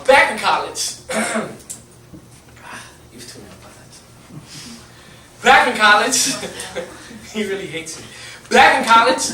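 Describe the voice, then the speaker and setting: Young male preacher, animated storyteller, high voice, echoey hall, mic set at a distance. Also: a little hiss or hum. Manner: animated storytelling, laughing, lots of fillers. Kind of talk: sermon. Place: church hall.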